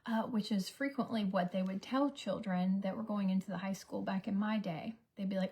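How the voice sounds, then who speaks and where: A woman's voice: medium pitch, fairly even intonation, darkish tone. A middle-aged woman telling a rambling, chatty story to her viewers in a casual vlog. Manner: chatty, rambling, quick to laugh. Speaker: vlogger.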